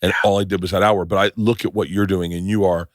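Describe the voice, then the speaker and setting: A man hosting a laid-back podcast, his voice low and recorded close and dry. he talks in halting bursts, often restarting mid-sentence, and swears casually. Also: flat delivery, no room sound. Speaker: podcast host.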